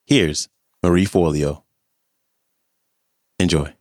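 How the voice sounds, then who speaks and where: A man introducing a guest on his show with a scripted, deliberate delivery. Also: deep voice, no room sound, studio quality. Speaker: podcast host.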